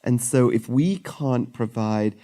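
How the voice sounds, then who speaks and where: A man's voice: mid-range voice, takes it slowly, warm tone. A middle-aged man from Sri Lanka, a surgeon speaking to an audience in a light-hearted, conversational way with self-deprecating jokes.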